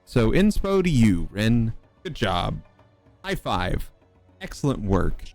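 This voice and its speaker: A man running a tabletop game as game master, narrating in a halting way with many fillers. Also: fairly low pitch, big pitch swings, vocal fry, a little mellow, faint music behind. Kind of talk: casual chat and game narration.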